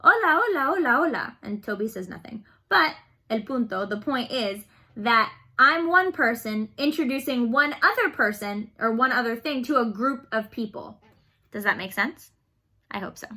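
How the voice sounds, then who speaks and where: A woman's voice: fairly high pitch, moderate pace, pushed and bright. A woman teaching a beginner Spanish lesson online, explaining phrases patiently and leading repeat-after-me drills.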